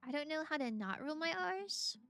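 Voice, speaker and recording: A woman's voice: high voice, expressive, normal speed, fairly bright tone, faint music behind. A young woman streaming a game, chatting casually with viewers, gushing and giggling often. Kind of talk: casual gameplay chat, reacting to viewers.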